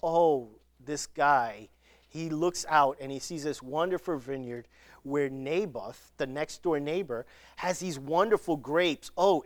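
A preacher giving a sermon, retelling scripture stories in an animated way and acting out the people in them. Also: medium pitch, no echo. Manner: animated storytelling, acting out the scenes.

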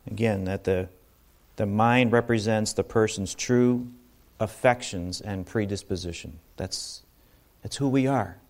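A man's voice: lowish voice, unhurried. Guy preaching a bible lesson, chatty and loose, keeps restarting and talking to folks in the room. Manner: conversational, with frequent restarts and asides to the congregation. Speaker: bible teacher. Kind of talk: informal sermon.

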